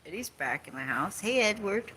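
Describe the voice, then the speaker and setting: A woman's voice: medium pitch, sing-song, moderate pace, pushed and bright, breathy edge. A woman vlogging from home in a rambling casual chat, sarcastic and swearing, jumping between topics and mocking people in put-on quotes. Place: home, on couch or bed.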